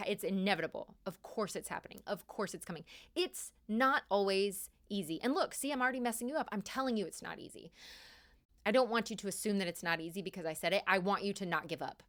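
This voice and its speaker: Animated woman podcast host, emphatic. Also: medium pitch. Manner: animated, emphatic, repeats key words. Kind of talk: casual spiritual advice monologue.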